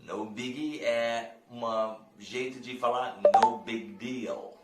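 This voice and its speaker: An American man teaching English, explaining phrases and modeling them slowly for learners. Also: mid-range voice, steady tone, noisy background. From United States. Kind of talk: language lesson. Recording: roomy echo.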